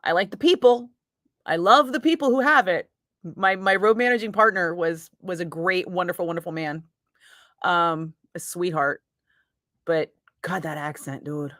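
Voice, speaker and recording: A woman's voice: lowish voice, moderate pace, fairly bright tone, no echo, clean studio sound. Laughing, profane woman radio host. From Northern California. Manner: laughing, profane, rambling asides. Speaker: radio host chatting with live chat. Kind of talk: casual live-stream chat. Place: radio studio.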